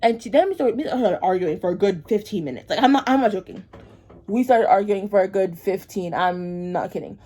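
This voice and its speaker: A woman vlogger with a warm, medium-pitched voice talks a little fast to the camera while getting ready. Chatty and rambling, she vents her frustration through a story, repeating herself for emphasis.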